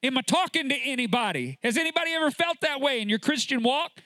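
A male preacher delivers an emphatic sermon in a high voice that swings widely up and down. He takes his time, drawing out words for weight and firing rhetorical questions at the congregation. The sound is dry and close. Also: sing-song, quick pace, pushed and bright, no echo.

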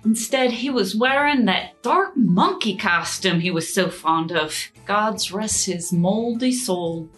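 A woman's voice: medium pitch, expressive, takes it slowly, hardly any pauses, music in the background. A woman voicing a pirate crewmate in a drawling, Southern Belle-style pirate voice. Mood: mournful. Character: female pirate mourning a lost crewmate. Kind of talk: podcast pirate character bit.

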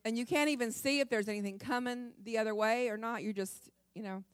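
A woman from Ohio, USA, guest-speaks at a church service, sharing a personal testimony in a folksy, chatty, lively style full of restarts. Her voice is on the high side, brisk, clear and resonant, captured dry with studio quality.

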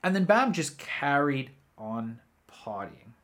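Male podcast host, loose rambling storyteller, casual swearing, mid-pitched voice. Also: big pitch swings, slow pace, a bit bright. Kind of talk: casual solo podcast monologue.

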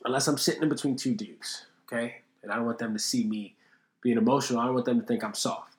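Talking fast in a steady, medium-pitched voice, a man runs a casual solo podcast with a roomy sound. He rambles, curses freely, and pokes fun at himself.

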